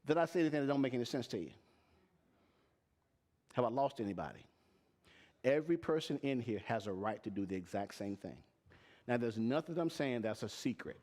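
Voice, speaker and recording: A man's voice: mid-range voice, animated, brisk, pauses often, a little mellow. Man teaching tax to a live audience. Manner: asks the audience repeated questions; conversational, plain-spoken and emphatic. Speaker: presenter teaching tax and payroll. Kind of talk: live-streamed teaching talk.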